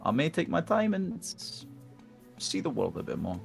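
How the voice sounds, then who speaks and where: A man's voice: on the high side, huge pitch swings, moderate pace, vocal fry, slightly rough, soft background music, voice pushed up, exaggerated voice. A man voicing a jovial wandering male dwarf companion with a Scottish accent, hearty and chummy.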